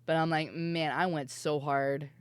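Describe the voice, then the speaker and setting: A woman streamer telling stories in casual chat, her voice worn and hoarse, laughing often and swearing freely. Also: low-pitched, fairly even intonation, unhurried, soft background music. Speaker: VTuber streamer.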